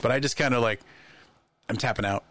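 A man's voice: mid-range voice, fairly quick, a bit bright, no room sound. Podcast guest, man, casual storyteller who acts out the voices in his anecdotes, dry studio mic.

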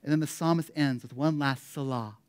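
A male pastor preaching a sermon, swinging between loud, emphatic declarations and a hushed, quiet prayer. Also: on the high side, brisk, smooth.

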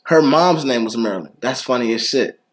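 Animated young man, laughing casual chat. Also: medium pitch, brisk. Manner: laughs often, animated and talkative. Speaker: podcast co-host.

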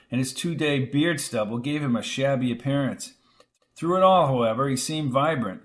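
A man narrating a scripted story in a measured, dramatic way. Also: mid-range voice.

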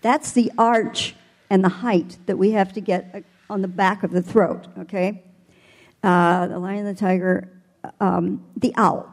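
A woman's voice: medium pitch, fairly even intonation, a little slow. An older woman voice teacher answers a panel question thoughtfully, explaining her methods with vivid imagery. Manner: thoughtful, demonstrative with vocal imagery.

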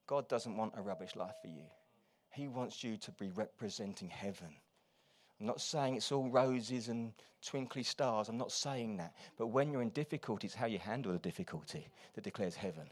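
A man preaching a sermon, moving between quiet, confiding asides and loud, urgent exhortation. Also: lowish voice, moderate pace. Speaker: pastor.

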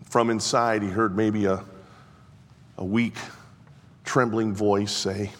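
Male preacher, slow storyteller, swells to passionate emphasis, mid-pitched voice in a hall with long reverb. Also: flat delivery, a bit bright. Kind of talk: sermon.

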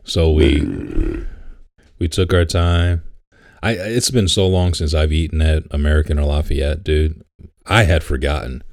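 A man's voice: extremely low pitch, animated, a little slow, gravelly, darkish tone, no echo, studio quality. A man co-hosting a podcast, telling stories in a laid-back, casual way, swearing and laughing often. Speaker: podcast co-host. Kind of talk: casual chat.

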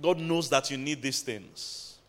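A man's voice: medium pitch, measured pace, a bit bright. A man preaching a sermon in a church, building to emphatic bursts and calling out to the congregation. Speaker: pastor.

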